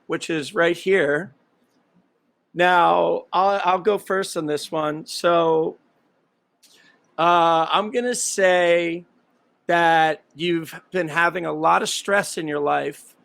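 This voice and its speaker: A man's voice: a little high, vocal fry, fairly bright tone. A man hosting a podcast in casual chat, playful and teasing as he sets up guessing games. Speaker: podcast host.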